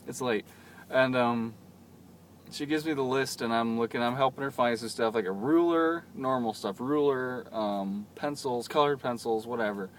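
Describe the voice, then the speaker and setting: Young guy rambling into his camera, chatty vlog, mid pitch, faint hum behind. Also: moderate pace. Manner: rambling, chatty, self-deprecating storytelling. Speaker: vlogger. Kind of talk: casual vlog monologue. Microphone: camera mic.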